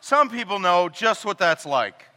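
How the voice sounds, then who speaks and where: A man preaching a sermon as pastor, animated and joking, acting out the people he quotes. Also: high voice, a little slow. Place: church sanctuary. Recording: long hall reverb.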